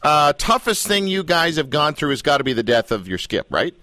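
A man's voice: a little high, a little fast, no echo. A man hosting an interview, joking around and stumbling over his own questions. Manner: jokey, animated, stumbling restarts. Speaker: host. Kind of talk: casual radio interview.

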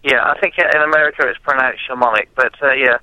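A man's voice: mid-range voice, quick pace, bright, forceful tone, no room sound. A man with an English West Country accent, talking as a guest on the phone, hesitant with many ums. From England, West Country. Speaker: guest, druid teacher. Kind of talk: phone interview. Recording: lo-fi phone line.

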